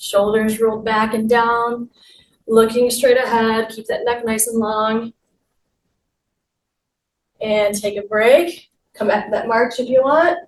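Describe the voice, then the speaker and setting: A woman's voice: on the high side, steady tone, slow, pauses often. Upbeat woman leading an exercise class. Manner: upbeat, encouraging cues while exercising. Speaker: fitness instructor. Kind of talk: guided exercise class instruction. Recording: roomy, distant mic with faint noise.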